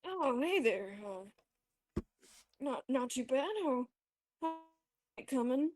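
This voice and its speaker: A friendly adventurer leaning on the bar, as a woman plays him at a tabletop game. The voice sits fairly high, a little louder than her usual talk, and hesitates with small restarts. It stays close to her own voice. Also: lively intonation, slow, music in the background. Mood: polite. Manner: hesitant, stumbles over words. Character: friendly adventurer Merrick greeting a bartender.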